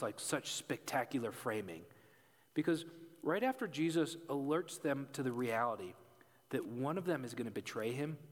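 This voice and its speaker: A man preaching a sermon as a pastor, telling the story in a casual, animated way and dropping to hushed tones. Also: a little high. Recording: long hall reverb.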